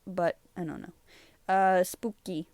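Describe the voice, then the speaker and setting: A woman's voice: on the low side, flat delivery, slow pace, a little mellow, no echo. A young woman casually chatting as she goes through her old drawings, rambling, giggling and easily sidetracked. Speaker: YouTuber reviewing her own drawings. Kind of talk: casual chat.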